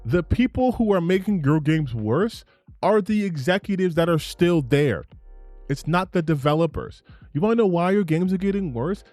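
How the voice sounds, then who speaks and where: A man's voice: a little high, lively intonation, normal speed, darkish tone, no room sound, faint music behind. A man giving heated, profane reaction commentary on gaming news, ranting and repeating himself for emphasis.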